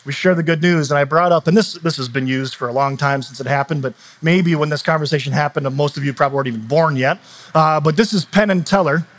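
A man's voice: on the high side, fast. A middle-aged male pastor delivering a conversational sermon, often restarting phrases and using fillers.

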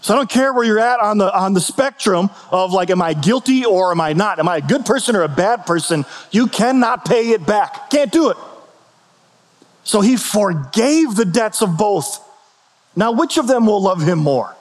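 A pastor delivers a relaxed, conversational sermon, posing rhetorical questions and returning to his own phrases. His voice is fairly high for a man, his pace moderate, and a long reverb suggests a large hall.

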